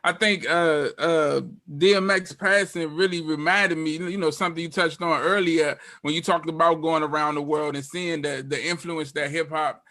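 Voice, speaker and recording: Male podcast host, high-pitched and bright, relaxed conversational storyteller. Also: normal speed, hardly any pauses, no room sound. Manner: relaxed, agreeable, lots of "right, right" backchannel.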